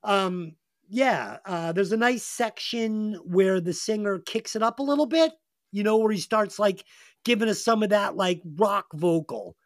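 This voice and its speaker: In a voice that sits high and a measured pace, a podcast host speaks in clean studio sound with no room sound at all. He tells crude stories animatedly, swears heavily, and reviews an album.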